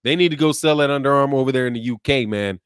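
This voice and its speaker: A man with a Midwest American accent hosts a boxing channel live stream, reacting to chat in an animated, mocking way, laughing often and tossing in "man" and "dog.". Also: medium pitch, very fast, smooth, no echo, studio quality.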